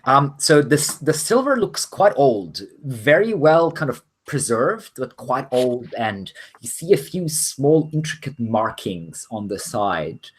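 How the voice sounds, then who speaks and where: A man narrating a tabletop role-playing game as game master, in a loose, casual way with many pauses and restarts. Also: medium pitch, very animated, slightly rough. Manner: casual, many ums and self-corrections.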